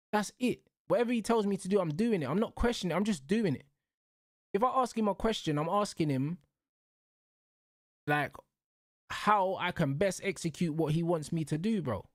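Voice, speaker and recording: A man's voice: sits high, no echo, studio quality. Heated young man ranting. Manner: heated, repetitive, slangy ranting. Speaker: show host. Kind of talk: casual football rant.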